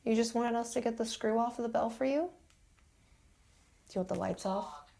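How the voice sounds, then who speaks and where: A woman hosting a live stream, chatting casually indoors and quickly thanking viewers. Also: fairly high pitch, gravelly, warm tone. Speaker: livestream host. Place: indoors in an old house.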